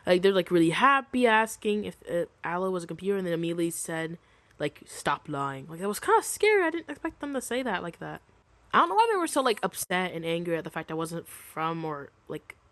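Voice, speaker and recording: A young woman rambles over a Roblox game, cursing freely and swinging from squeaky excited highs to muttered asides. Her pitch jumps around constantly. The sound is dry and close, with no room around it. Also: dry recording. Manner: rambling, swears a lot, jumps between squeaky highs and mumbles. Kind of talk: casual gameplay commentary.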